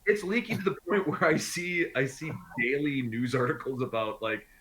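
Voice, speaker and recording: A man's voice: medium pitch, sing-song, moderate pace, fairly bright tone, slight background noise, rough recording. A man chatting casually with his game group, rambling and hesitant as he makes his point. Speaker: tabletop game player. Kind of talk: casual chat among friends.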